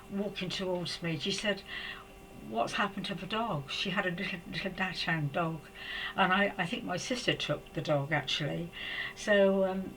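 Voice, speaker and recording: An older woman from England tells a personal story to camera at home. She speaks softly and reflectively, with many hesitations and restarts. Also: lowish voice, a little hiss or hum, low-quality recording. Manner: halting, hesitant, with frequent restarts. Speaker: psychic storyteller.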